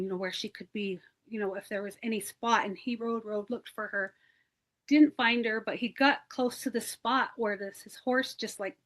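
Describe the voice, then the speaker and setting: A woman's voice: a little high, a bit bright. A woman from a search and rescue team, telling her story in a plain-spoken, rambling way with many fillers over a video call. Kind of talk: personal storytelling in an interview.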